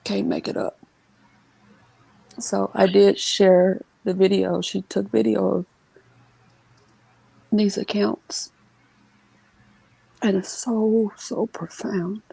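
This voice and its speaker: A woman telling an emotional family story as an interview guest, earnest and halting, sometimes acting out what others said. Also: medium pitch, flat delivery, vocal fry, mellow, breathy edge, no echo, poor audio.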